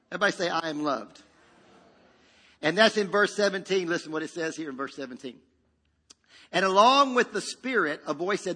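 A man's voice: high-pitched, expressive, moderate pace, pushed and bright, long reverb tail. A man preaching a sermon as pastor, emphatic and repetitive, leading the congregation in call-and-response.

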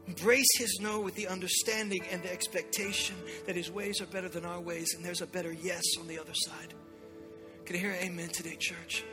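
A man's voice: high-pitched, flat delivery, brisk, over music. A man preaching a sermon to a church congregation, urgent and impassioned. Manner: impassioned preaching, acting out God's voice in quotes. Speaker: pastor.

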